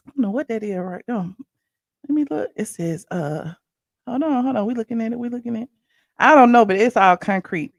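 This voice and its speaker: A woman hosting a casual live-stream commentary, animated and excitable, chatting with her viewers in asides. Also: on the high side, a little fast, dry recording, studio quality. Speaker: commentary channel host.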